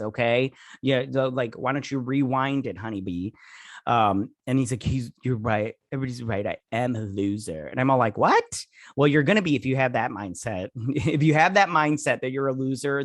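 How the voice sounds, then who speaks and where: A man's voice: medium pitch, a bit bright, dry recording. Chatty man recapping in a dry room. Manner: chatty, retells scenes in quick mimicking voices; lots of fillers and restarts, rambling. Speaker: host reviewing a TV episode. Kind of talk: casual recap and review.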